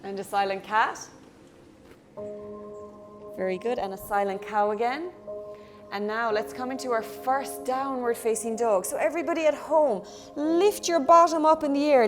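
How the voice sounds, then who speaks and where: A young woman with an Irish accent and a high voice guides a children's yoga class. She is playful and encouraging, and she cheers on the kids at home. Soft music plays faintly behind her.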